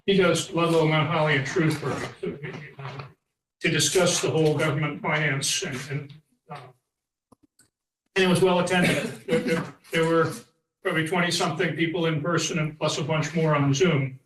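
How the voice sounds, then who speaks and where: A man on a school board giving an informal update, halting and filler-heavy. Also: fairly high pitch, steady tone, a bit bright, slight background noise. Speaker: board member. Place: school board meeting room. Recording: roomy hall audio from a far mic.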